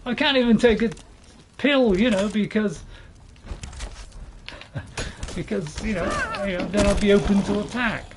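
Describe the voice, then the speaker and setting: A man's voice: high voice, a little slow, pauses often, noisy background. A man giving casual, rambling commentary while playing a game, chuckling to himself now and then. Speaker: gaming video host.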